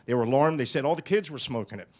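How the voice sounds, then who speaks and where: A man addressing a public meeting, building up with mock-alarmed quotes and forceful delivery. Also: medium pitch, very fast. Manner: mocks alarmed voices, rising and forceful. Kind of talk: public speech. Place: meeting hall.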